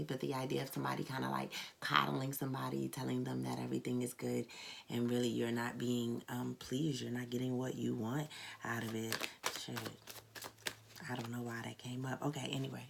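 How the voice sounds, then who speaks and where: A woman's voice: very deep voice, vocal fry, a little hiss or hum. A woman giving a casual tarot reading, speaking bluntly and candidly, swearing and calling her viewers "baby" and "cat". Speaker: tarot reader.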